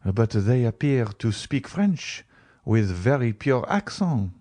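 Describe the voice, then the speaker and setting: A man's voice: mid-range voice, very animated, takes it slowly, dark tone. A man voicing a suspicious middle-aged male banker who speaks in a dry, probing, dismissive way, in an audiobook reading. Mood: skeptical. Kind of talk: audiobook character voice.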